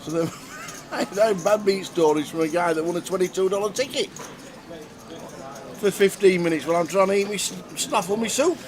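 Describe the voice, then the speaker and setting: A man commentating a poker stream, chatting casually and telling stories with lively voices. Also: sits high, normal speed, crowd noise. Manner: chatty storyteller, bursts into loud cheering. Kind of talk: casual chat.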